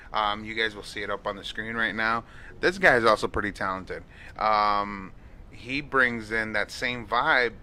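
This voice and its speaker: A man co-hosts a casual podcast with a bright, forward voice set a bit low. He rambles, leaning on fillers and restarting his thoughts. Faint noise sits in the background. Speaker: podcast co-host. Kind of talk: casual chat.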